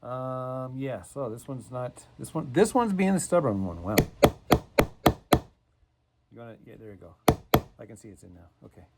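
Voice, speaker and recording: A man's voice: medium pitch, lively intonation, normal speed, creaky, pauses often, very noisy. A man with a folksy, rambling manner who often repeats himself, giving a casual step-by-step demonstration at his workbench in a home workshop. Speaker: cigar box guitar builder.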